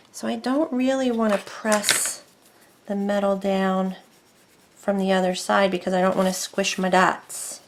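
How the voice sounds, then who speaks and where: A woman narrating a casual craft tutorial from her desk at home, chatty and self-deprecating, thinking aloud as she works. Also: mid-range voice.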